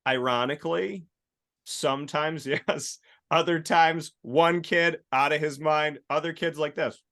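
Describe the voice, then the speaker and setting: A man hosting a casual chat show, telling stories in a lively way and acting out the voices of the people in them. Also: fairly high pitch, a little slow. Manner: animated storyteller, acts out quoted voices. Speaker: host.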